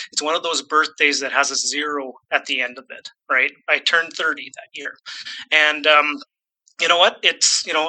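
In a casual interview, a fifty-something real estate investor from Saskatchewan, Canada, rambles on, self-deprecating and prone to repeating words. His slightly high voice is bright and forceful, captured in a low-quality recording.

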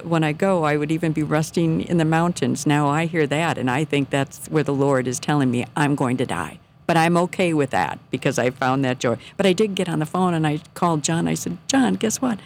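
A woman telling a personal faith story on a radio show, earnest and sometimes hushed. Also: low voice, a little hiss or hum. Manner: earnest, drops to a soft hush at moments. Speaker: guest telling her story.

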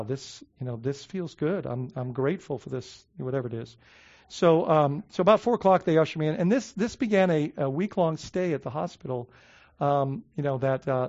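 A man preaching a sermon in a loose, conversational way, with lots of fillers and restarts, who slows down to stress his points. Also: on the high side, darkish tone. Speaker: pastor. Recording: dull lo-fi sound.

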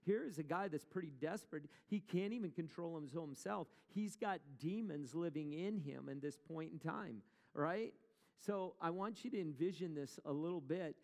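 A man's voice: on the high side, moderate pace, a little mellow, in a large hall. A male pastor preaching a sermon in a conversational way, asking the congregation questions as he retells a story.

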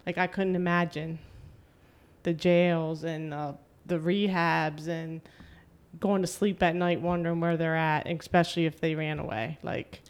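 A middle-aged woman hosting a podcast, talking in a steady, sincere, plain-spoken way. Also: sits low, a little slow, clean tone. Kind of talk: casual conversation.

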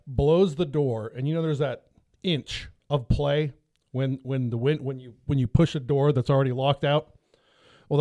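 A man in his thirties tells a story on a podcast with a voice a touch higher than most men's. He talks casually and animatedly and acts out the people in his story. The sound is dry and close. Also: dark tone, dry recording. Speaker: podcast host.

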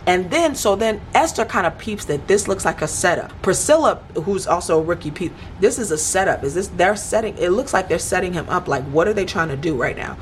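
A woman recapping a reality show in an excited, casual way, talking straight to her viewers with slang and acting out what people said. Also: lowish voice, a little fast, few pauses, slight background noise. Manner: animated, acts out quotes in put-on voices; uses slangy asides to viewers.

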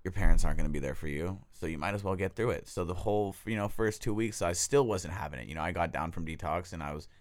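Young guy w bay area accent, low voice, chill slangy storytelling, laughs a lot. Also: fast talker, few pauses. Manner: laid-back, laughs often, slangy. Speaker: guest, detox technician. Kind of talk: casual storytelling. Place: podcast studio.

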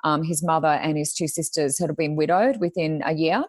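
A woman's voice: low voice, fairly even intonation, brisk, darkish tone, no echo, clean studio sound. A woman, telling stories in a chatty way and acting out what people said, as a guest in casual chat. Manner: chatty storyteller, acts out quotes. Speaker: guest, Reiki healer and reader.

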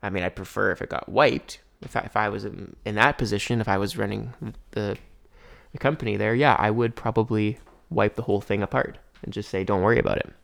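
A young man chats to his viewers in a loose, wandering way, piling on fillers as he tells his story. His voice sits a touch low and carries a gravelly fry. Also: fairly even intonation, fairly quick, a bit bright. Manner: rambling, filler-heavy, keeps saying "anyways". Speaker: vlogger.

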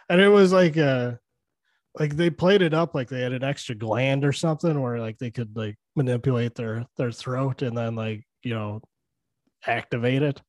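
A man's voice: mid-range voice, darkish tone, no echo. A man co-hosting a podcast, breaking down a movie in loose, profane chat and laughing often. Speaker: podcast co-host.

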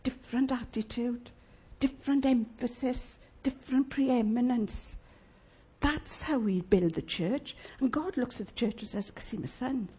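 A woman preaching a sermon in church, emphatic and lively, asking the congregation rhetorical questions. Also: a little high, unhurried, husky.

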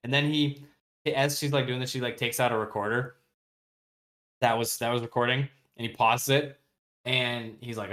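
In a laid-back book recap on a podcast, a male co-host speaks at a normal speed in a medium-pitched, fairly bright voice with fairly even intonation. He's loose and slangy, restarting often, using lots of fillers, and briefly imitating characters.

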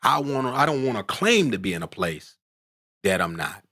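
A man preaching a sermon, drawing out scripture slowly and asking "hmm?" between points, climbing into fervent shouts. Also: sing-song, no room sound, clean studio sound. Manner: call-and-response "hmm?", rising to fervent shouts; drawls scripture slowly, then climbs in pitch when worked up.

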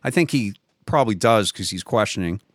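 A man's voice: fairly low pitch, animated, brisk, no room sound, studio quality. A man telling a personal story in a casual conversation, rambling, often restarting his sentences and chuckling as he goes. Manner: rambling, many restarts and self-corrections. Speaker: guest.

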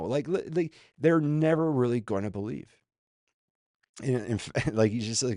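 A man's voice: medium pitch, expressive, normal speed, mellow, no echo, clean studio sound. A man from Minnesota preaching a casual sermon, chatty, with lots of fillers and restarts. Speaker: pastor.

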